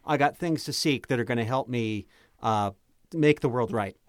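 A man's voice: medium pitch, moderate pace, no echo, studio quality. A man playing a dwarf in a tabletop game, chatty and rambling, often restarting his words. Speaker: player.

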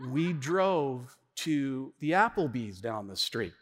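A middle-aged man preaching a sermon as pastor, telling a story with lively, acted-out quotes in a church. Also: medium pitch, takes it slowly. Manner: animated storytelling, acts out quotes. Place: church sanctuary. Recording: long hall reverb.

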